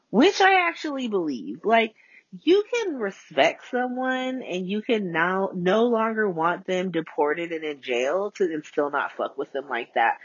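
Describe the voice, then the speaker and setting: A woman's voice: breathy edge, dry recording. Chatty, swearing woman on a voice note. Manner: chatty, profane, swings pitch a lot. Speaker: podcast host. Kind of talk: casual solo podcast recap. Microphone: phone voice notes. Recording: dull lo-fi voice note.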